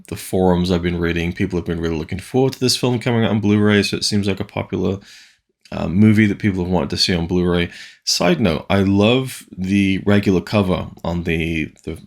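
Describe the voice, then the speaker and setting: Man, channel host, low voice, rambling, keen, casual disc review chat. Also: steady tone, brisk, gravelly. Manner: rambling, with many restarts and asides; enthusiastic. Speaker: physical media reviewer. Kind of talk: casual video rundown of new disc releases.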